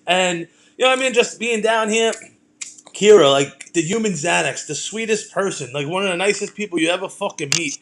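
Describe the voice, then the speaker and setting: A middle-aged podcast host from Brooklyn, New York, speaks fairly quickly in a high, expressive, fairly bright voice. Hosting a casual talk show, he rants, swears and rambles through heated stories.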